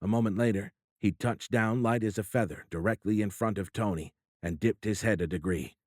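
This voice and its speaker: A middle-aged man narrating an audiobook in a steady, even storytelling manner. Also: fairly low pitch, brisk, no echo, studio quality. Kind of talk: scripted narration.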